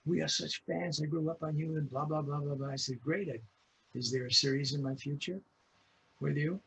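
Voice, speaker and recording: Older man telling lively studio anecdotes. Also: fairly high pitch, brisk, vocal fry, slight background noise, rough recording. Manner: lively storyteller, acts out voices. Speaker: guest voice actor. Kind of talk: recalled anecdotes in interview.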